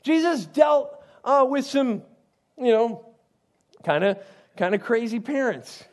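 A youth pastor explains a Bible passage in a relaxed, chatty way, often turning aside to talk straight to his listeners. His voice sits notably high for a man. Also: slow. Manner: conversational, digressive, frequent asides to listeners. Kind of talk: casual Bible teaching.

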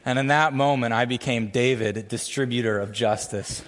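A man's voice: normal speed, background noise. A man preaching a sermon as a church pastor, opening with a prayer and telling a story with earnest emphasis. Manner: storytelling, earnest, builds emphasis with rising pitch. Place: church sanctuary.

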